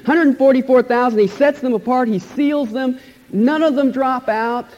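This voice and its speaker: A man preaching an expository sermon as pastor, emphatic and enthusiastic, repeating key phrases and letting phrase ends trail off softly. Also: high-pitched. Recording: long hall reverb, dull lo-fi sound.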